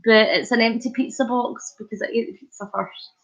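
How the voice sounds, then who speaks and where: A Scottish woman chats on her live stream in a slightly high voice, playful and animated as she answers comments and spins a story. The audio is dull and lo-fi, like a cheap stream mic. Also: brisk. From Scotland. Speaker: livestream host. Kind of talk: casual live-stream chat.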